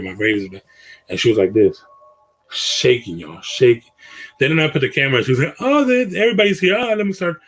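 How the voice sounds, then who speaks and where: A man's voice: fairly low pitch, fairly bright tone, slightly rough, low-quality recording. A man hosting a casual livestream from his bedroom, talking to viewers in slangy, earnest speech that often trails off and restarts. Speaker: livestream host.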